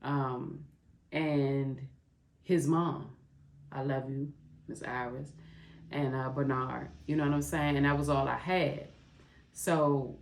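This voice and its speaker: A woman's voice: a bass voice, steady tone, slow pace, long pauses. A middle-aged woman hosting a podcast, talking to her listeners in a raw, heartfelt confessional way. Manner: raw, heartfelt, speaks straight to listeners as "y'all". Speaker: podcast host. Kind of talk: candid confessional monologue. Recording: roomy echo.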